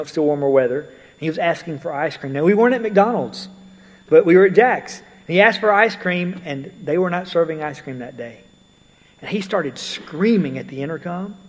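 A man's voice: a little high, breathy edge, long reverb tail, low-quality recording. A man preaching a sermon in a conversational way, with storytelling asides.

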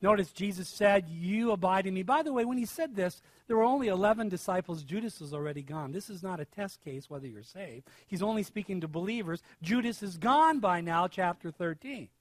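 High-voiced emphatic male preacher. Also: expressive, a little fast, hardly any pauses, dry recording. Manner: emphatic, swings from hushed to loud stress. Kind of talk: sermon.

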